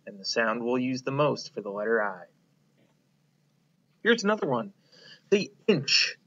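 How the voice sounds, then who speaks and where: A man teaching a phonics lesson to young children, slowly prompting them to repeat words and praising them. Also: mid-range voice, sharp tone, muffled recording. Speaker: kindergarten teacher.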